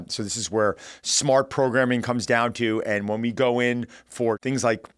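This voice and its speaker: A man's voice: mid-range voice, moderate pace, few pauses, fairly bright tone, no room sound, clean studio sound. A man in his forties hosting a podcast, talking in an upbeat, chatty way with loose fillers and restarts. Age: 40s. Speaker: podcast host. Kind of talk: casual podcast intro and conversation.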